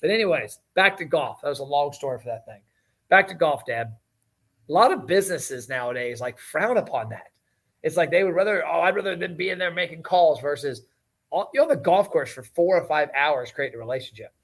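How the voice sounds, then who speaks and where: A man hosting a casual chat, telling stories and joking with his father. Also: on the high side. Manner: joking, storytelling, fast and animated. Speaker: podcast host.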